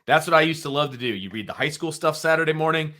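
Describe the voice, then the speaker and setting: A man's voice: on the high side, quick pace. A middle-aged man co-hosting a casual sports talk show, a former football coach who speaks emphatically. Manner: animated, emphatic. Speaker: co-host, former high school football coach.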